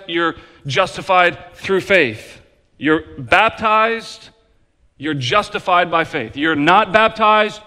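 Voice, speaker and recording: Pastor, male, slow emphatic preaching, rises and drops in volume, church sanctuary with long reverb. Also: on the high side. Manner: emphatic preaching with repeated phrases, varying loud and soft. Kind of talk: sermon.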